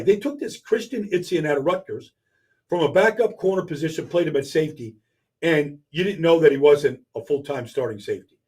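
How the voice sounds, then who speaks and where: Husky-voiced man talking football fast. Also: a little high, a little mellow. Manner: rapid, emphatic, repeats words when building a point. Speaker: regular guest analyst. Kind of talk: casual sports talk.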